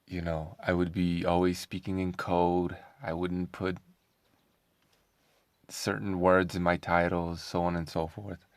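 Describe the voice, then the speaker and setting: Sarcastic gravelly man venting. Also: low voice, little pitch movement, measured pace, no echo. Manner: sarcastic, combative, rhetorical questions. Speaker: online commentator. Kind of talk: casual commentary vlog.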